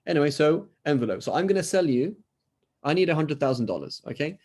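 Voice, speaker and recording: Over a video call, a British Islamic scholar lectures his class with a voice on the high side, darkish in tone, animated and quick. He's chatty and conversational, frequently tossing in "right?" and acting out little exchanges.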